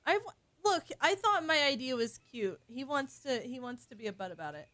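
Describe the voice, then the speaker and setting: A woman's voice: high-pitched, expressive, a little fast, bright, forceful tone. A woman game streamer chatting casually while she plays, playful and teasing, laughing at herself. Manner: playful, teasing, self-deprecating. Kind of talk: casual live-stream chat.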